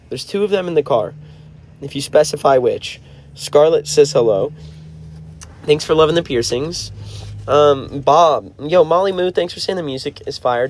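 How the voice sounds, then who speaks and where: A man in his twenties in a car, chatting casually on a livestream and answering viewer comments. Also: on the high side. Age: 20s. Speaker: band member hosting a livestream.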